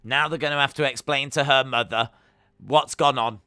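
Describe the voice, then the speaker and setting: A man hosting a live reaction stream, talking casually and cracking jokes, often pausing on an uh. His voice is very bright and forward, with a crisp, clean tone. The sound is close and dry, with no room around it. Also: mid-range voice, fairly even intonation, no room sound. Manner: chatty and joking, with many uhs.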